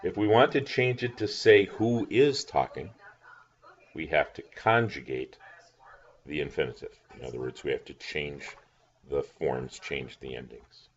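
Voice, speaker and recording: A man's voice: rumbling low, unhurried, lo-fi sound, slight background noise. A man teaching a recorded lesson, patient, spelling words out letter by letter. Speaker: language teacher.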